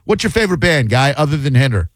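A man's voice: medium pitch, very animated, fast talker, no room sound. A man hosting a radio talk show, riffing on his opinions in a casual, rambling way.

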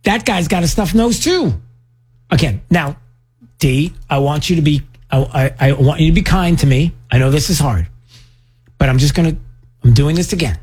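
A man from New York hosting a radio talk show, chatting casually and teasing his co-host in a playful, animated way. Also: a little high, normal speed, breathy edge.

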